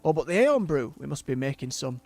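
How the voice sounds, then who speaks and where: A streamer voicing a gentle, formal male creature who runs a tea shop and speaks of himself by name. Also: mid-range voice, big pitch swings, brisk, faint music behind. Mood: wistful.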